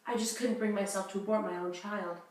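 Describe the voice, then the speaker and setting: A woman's voice: medium pitch, fairly even intonation, fairly quick, darkish tone, lightly acted. Young woman playing an earnest American journalist. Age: young adult. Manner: earnest, confessional. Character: American journalist woman living abroad, divorced. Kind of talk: school-project talk-show role-play. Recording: echoey room, distant mic.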